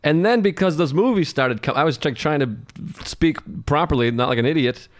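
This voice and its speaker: A man's voice: fairly high pitch, a little fast. A man from Massachusetts, a guest comedian on a casual podcast, rambling, stammering and putting himself down. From Massachusetts, USA. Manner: self-deprecating, rambling, stammers.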